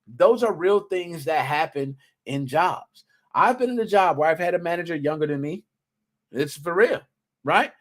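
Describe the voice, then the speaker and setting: A man in his thirties hosting a podcast, chatting casually and telling work stories in a slangy, animated way, acting out what people said. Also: fairly high pitch, moderate pace. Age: 30s. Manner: animated storytelling, slangy, acts out quotes. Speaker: podcast host. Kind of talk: casual solo podcast talk.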